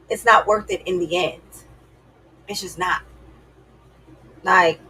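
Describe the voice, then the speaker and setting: A woman gives dating advice straight to her viewers in a sassy, emphatic, chatty way. Her voice has a gravelly fry and a husky edge. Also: mid-range voice, a bit bright, poor audio. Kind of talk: casual advice talk to camera.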